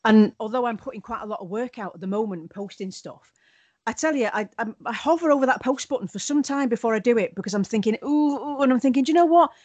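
A woman's voice: fairly high pitch, quick pace, a little mellow, lo-fi sound. A woman from Wales chatting candidly as a guest artist. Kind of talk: casual chat.

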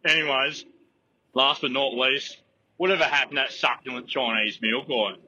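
A man's voice: medium pitch, steady tone, normal speed, bright, forceful tone, highs cut off, a little hiss or hum. An Australian man leaving a blunt, rambling recorded voice message. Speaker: caller.

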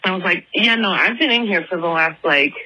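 A woman's voice: fairly low pitch, fairly quick, sharp tone, breathy edge, low-quality recording. A woman in her twenties from Atlanta tells a story in a casual, chatty voicemail, full of "like" and fillers. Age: 20s. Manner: chatty, filler-heavy, lots of "like". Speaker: listener calling in with a voicemail.

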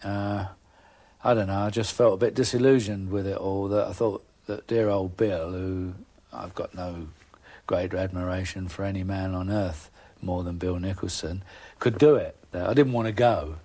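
Man, former footballer, archive interview, reflective, hesitant, low voice. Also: fairly even intonation, normal speed, mellow.

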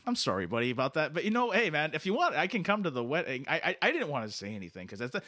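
A man's voice: a little high, big pitch swings, rapid-fire, bright, forceful tone, no echo. A man playing a goofy, overfriendly guy, rambling and stammering through comic banter. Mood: teasing. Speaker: podcast co-host.

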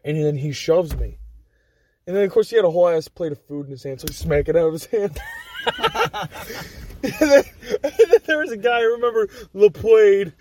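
A man's voice: sits high, moderate pace, pauses often, a crowd in the background. A young man telling casual, profane stories as a podcast guest, acting out what people said. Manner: profane, animated anecdote teller acting out quotes. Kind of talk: casual storytelling.

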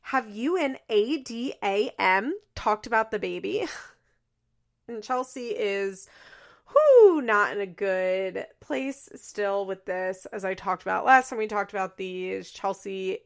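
A woman with vocal fry and a mid-range voice talks at a measured pace while hosting a podcast. She recaps a reality show in relaxed chat, frequently laughing and filling her sentences with "like."

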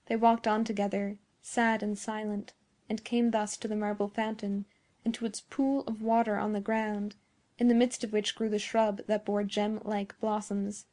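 A woman narrating a nineteenth-century story in a measured storytelling manner. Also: medium pitch, darkish tone. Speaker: audiobook narrator. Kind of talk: scripted narration.

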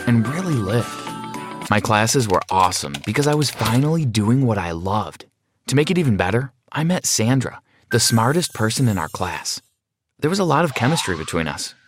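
A man telling a scripted first-person story in a plain, steady way. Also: fairly low pitch.

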